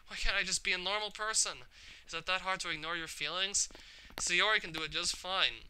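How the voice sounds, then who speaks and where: A man's voice: high-pitched, a little fast, sharp tone, clear, resonant tone, pitched above the performer's own voice. A man reading aloud as a troubled, shy teenage girl from a visual novel, emotional, his voice climbing into cries. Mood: despairing.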